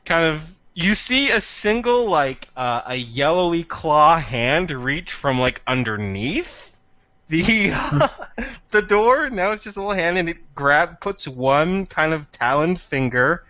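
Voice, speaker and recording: A man narrating as game master, rambling with frequent pauses and fillers. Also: fairly high pitch, lively intonation, pushed and bright, no room sound. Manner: rambling, halting with fillers, laughing at himself.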